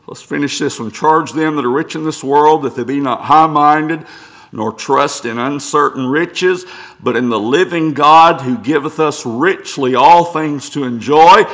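A man's voice: fairly high pitch, a bit bright. A middle-aged male pastor preaching a sermon, reading scripture aloud and building to emphatic points.

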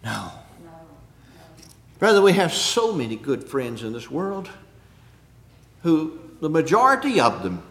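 A man preaching a sermon in an earnest way, rising to loud emphasis and dropping to hushed low lines. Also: big pitch swings, measured pace, pauses often. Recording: echoey hall, long reverb.

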